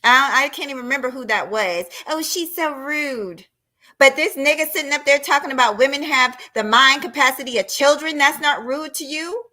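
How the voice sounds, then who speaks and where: She rants hotly on a live stream, fairly quick and with few pauses, her voice bright and a touch high. Blunt and foul-mouthed, she confronts her audience directly.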